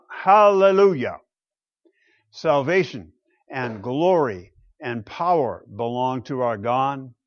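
A man preaching a sermon slowly and deliberately, reading scripture and telling history with dramatic pauses. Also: medium pitch, no echo, lo-fi sound. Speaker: pastor.

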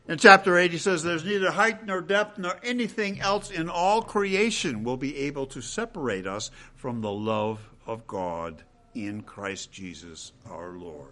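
A man preaching an expository sermon, slow and emphatic, rising to loud stresses and dropping to quiet ends. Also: on the high side.

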